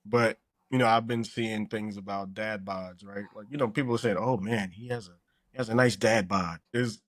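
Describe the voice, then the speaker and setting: A man's voice: lowish voice, steady tone, normal speed, a bit bright, no room sound, studio quality. A man co-hosting a podcast in casual chat, talking in a laid-back, reflective way with many "you know"s. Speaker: podcast co-host.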